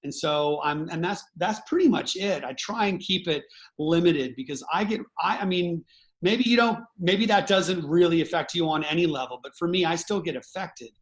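A man talking as a guest on a casual chat, earnest and candid, swearing now and then, with halting restarts. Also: on the high side, husky, no echo. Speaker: screenwriter guest.

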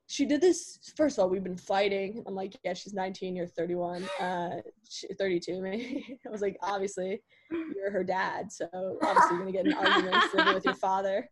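A woman's voice: mid-range voice, normal speed, slightly rough. Chatty young woman telling stories. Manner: animated storytelling, heavy "like", swears freely. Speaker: podcast co-host. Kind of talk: casual chat.

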